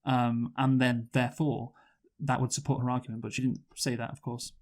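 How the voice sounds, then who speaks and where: A man with an ordinary mid-pitched voice talks through a film in a casual review chat. He weighs his points carefully and hedges often with "you know.". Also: level tone, darkish tone. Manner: thoughtful, measured, hedging with "you know". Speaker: podcast co-host, film reviewer.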